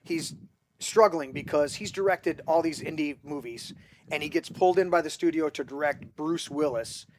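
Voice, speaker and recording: A man's voice: a little high, normal speed, darkish tone, slight background noise. A man hosting a casual movie podcast, rambling through stories with many restarts and acting out quotes. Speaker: podcast host. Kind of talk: casual group chat about movies.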